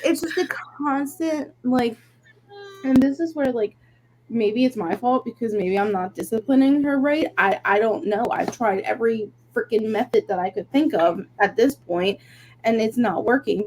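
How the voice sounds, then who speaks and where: A woman's voice: a little high, moderate pace, poor audio. Young woman venting in casual podcast chat. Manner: venting, animated storytelling with many "like"s. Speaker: podcast co-host.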